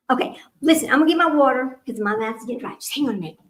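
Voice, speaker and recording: This is a middle-aged woman hosting a casual livestream trivia game. Her voice sits high, and she rambles from one aside to the next. She laughs often and talks to her audience as old friends. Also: low-quality recording.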